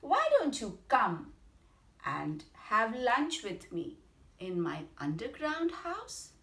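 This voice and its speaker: A woman with an Indian English accent voicing a sly, hungry male fox in a children's story, with a smooth, coaxing manner. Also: a little high, big pitch swings, slow pace, a bit bright, voice pushed up, full character voice. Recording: roomy echo.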